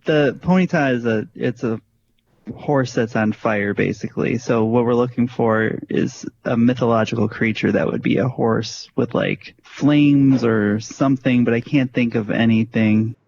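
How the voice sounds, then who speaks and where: An easygoing man chats casually as a trivia contestant, laughing often and thinking his answers through aloud. His voice sits at a middle pitch, and the remote audio has a slightly dull, lo-fi sound. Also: unhurried, gravelly, a little mellow. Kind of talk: casual chat.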